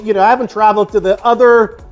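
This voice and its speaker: High-voiced American man telling stories. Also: steady tone, very fast, faint music behind. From United States. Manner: rambling, many fillers and restarts, acts out quotes. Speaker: vlogger telling his life story. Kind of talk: casual storytelling monologue.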